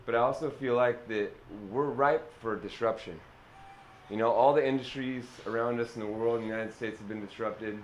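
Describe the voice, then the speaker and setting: A man's voice: medium pitch, fairly even intonation, normal speed, slight background noise, low-quality recording. A man giving an earnest, rambling spoken endorsement of a local candidate, with fillers.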